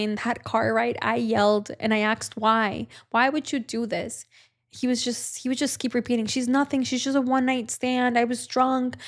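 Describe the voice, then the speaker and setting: Young woman telling a raw personal story. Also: on the high side. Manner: candid, emotional confessional telling. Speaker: podcast host.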